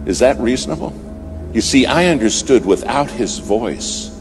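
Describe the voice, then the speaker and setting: A man preaching a storytelling sermon at a church service, swinging from urgent, loud appeals to hushed, near-whispered lines. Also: medium pitch, lively intonation, normal speed, over music.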